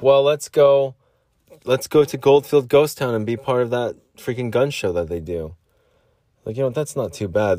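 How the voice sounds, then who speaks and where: A man with a lowish voice rambles through a solo podcast, slipping in voices and sudden whispers as he tells his stories. The recording is close and dry, with no room sound. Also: darkish tone, no echo. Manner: rambling, acts out voices and whispers mid-story. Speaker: podcast host.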